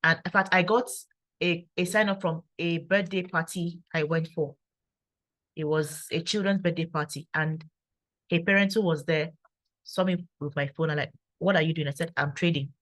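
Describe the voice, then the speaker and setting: A woman's voice: lowish voice, fairly even intonation, normal speed, fairly bright tone, no room sound, poor audio. A woman speaking at an online meeting, sharing her story and giving advice, who stammers and repeats words now and then.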